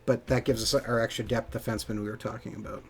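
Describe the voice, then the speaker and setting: A man's voice: medium pitch, quick pace, soft background music. A man casually talking through his moves in a hockey management game on a stream, muttering as he reads results. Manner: relaxed, muttering play-by-play of menus. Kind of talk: casual commentary over gameplay.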